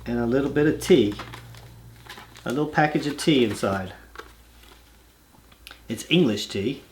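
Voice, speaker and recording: A man's voice: medium pitch, measured pace, a little mellow, slight background noise. Easygoing man reading fan mail aloud. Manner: easygoing, rambling asides with restarts. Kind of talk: casual chat, reading letters aloud.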